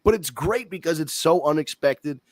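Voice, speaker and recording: Blunt, swearing wrestling podcast host. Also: male voice, a little high, lively intonation, normal speed, dry recording. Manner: blunt, swears casually, rambling opinions. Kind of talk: casual wrestling talk.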